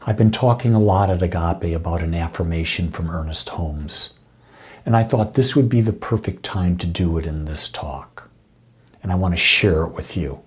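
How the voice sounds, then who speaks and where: Soft and intimate, this low-voiced male minister speaks on spiritual matters, often dropping into breathy whispers. His affirmations come slowly and deliberately, and his voice is very breathy throughout.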